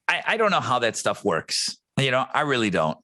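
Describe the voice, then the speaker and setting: A man co-hosting a music podcast, talking in a rambling, excitable way with frequent restarts. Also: mid-range voice, normal speed, dry recording. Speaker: podcast co-host. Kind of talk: casual chat.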